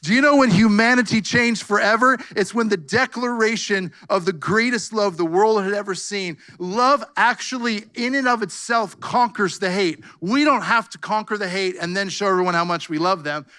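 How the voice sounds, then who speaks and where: A man's voice: sits high, moderate pace, few pauses, pushed and bright. A man pastor preaching a fervent sermon, calling out "come on" and "amen" to his congregation. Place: church sanctuary.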